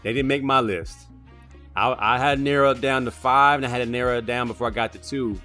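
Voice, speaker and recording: A man co-hosting a sports show, talking through favorite movies in a casual, animated way and tacking "man" onto lines. Music plays faintly underneath. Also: medium pitch. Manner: animated, drawn-out "man" asides.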